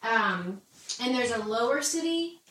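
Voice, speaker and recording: A woman's voice: a little high, expressive, measured pace, a bit bright, far from the mic. A woman explaining history in a casual Bible discussion, chatty, laughing often and saying "like" a lot. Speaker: Bible study co-host. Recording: echoey room, off-mic, faint noise.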